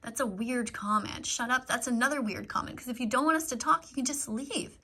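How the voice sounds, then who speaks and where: A woman's voice: on the high side, fairly quick, pushed and bright, breathy edge. A middle-aged woman reading out live-stream comments in casual chat, earnest and pleading as she lectures her viewers.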